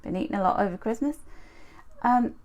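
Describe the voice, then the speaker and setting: A middle-aged woman giving a chatty live angel card reading, greeting viewers by name with animated asides. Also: fairly high pitch, a little fast.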